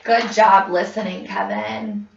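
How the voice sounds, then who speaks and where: A woman clinician speaking slowly and distinctly, giving prompts for a child to repeat and then narrating. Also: mid-range voice, level tone, gravelly, a little hiss or hum. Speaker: speech clinician giving a test. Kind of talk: slow, clear test prompts and narration. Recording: muffled, distant lo-fi recording.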